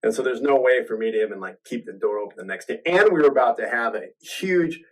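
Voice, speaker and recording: Quick and animated, a man with a mid-range voice hosts a podcast and rambles through a casual personal tale, frequently restarting and performing the voices he quotes. He is recorded from a distance, and the quality is low.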